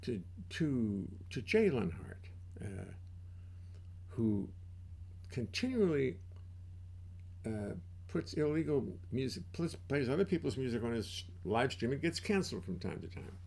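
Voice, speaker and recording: A man's voice: medium pitch, big pitch swings, measured pace, gravelly, long pauses, darkish tone, breathy edge. An older man hosting a casual livestream from his home studio, chatting in a wry, self-mocking way through a desk mic. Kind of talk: casual rambling livestream chat.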